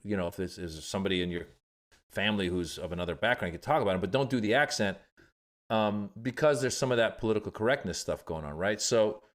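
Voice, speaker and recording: Animated middle-aged man telling stories. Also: fairly low pitch, fast. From Iran. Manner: animated storyteller acting out quoted voices. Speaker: comedian guest. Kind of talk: conversational podcast interview.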